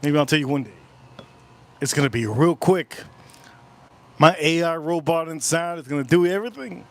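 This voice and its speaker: A man chats loosely on a livestream, his voice pitched a touch high. He rambles through stories, circles back to the same phrases and swears without thinking about it. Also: moderate pace, slight background noise. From United States. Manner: rambling storyteller, swears casually, repeats himself. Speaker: whiskey livestream host.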